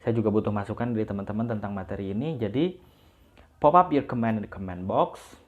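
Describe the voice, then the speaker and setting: A man with an Indonesian accent teaching English word stress, switching between Indonesian and English and repeating example words slowly. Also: fairly low pitch, phone-quality sound. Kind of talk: online lesson, mixing two languages.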